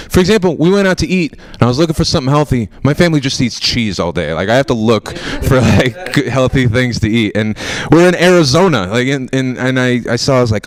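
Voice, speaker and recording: A young man from Florida works through a stand-up set on a studio stage. He rambles and mocks himself, and he sometimes breaks into loud mock outrage. His voice sits at a middle pitch. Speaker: stand-up comedian. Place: TV studio stage with a live audience.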